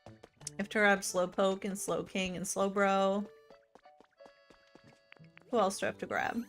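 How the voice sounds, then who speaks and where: A woman streaming a game in casual let's-play commentary. She is chatty and excitable, and she swings between gushing and muttering to herself. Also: medium pitch, measured pace, soft background music. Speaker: gaming streamer.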